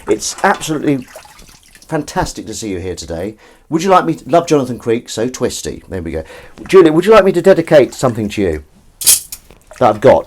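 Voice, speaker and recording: A man's voice: medium pitch, a little hiss or hum. A man hosting a comedy livestream from his kitchen sink, chatting and reading out viewer comments in a rambling, self-mocking way while washing up. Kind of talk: casual chatty livestream banter. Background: clinking dishes and running water.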